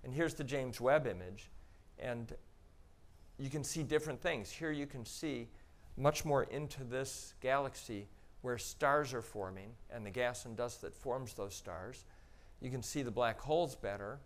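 A man giving a public talk about space images, walking the audience through slides in a relaxed, conversational way with frequent pauses and filler words. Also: medium pitch. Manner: conversational, explaining step by step with frequent "um" and "you know".

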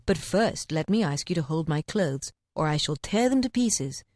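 A woman putting on a crafty thief from an old fable, his voice pitched low and sly, theatrical in every plea. The sound is close and dry. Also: animated, moderate pace, darkish tone, no echo. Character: crafty, smooth-talking male thief.

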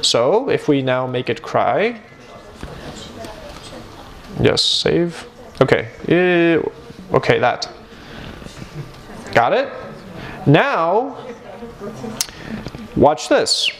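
A man teaching a university computer science class, talking lively and joking with his students. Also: fairly high pitch, drawn-out words, creaky, long pauses. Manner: lively, switches between English and Armenian, jokes with students. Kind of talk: live classroom lecture. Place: university lecture hall. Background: students in the room.

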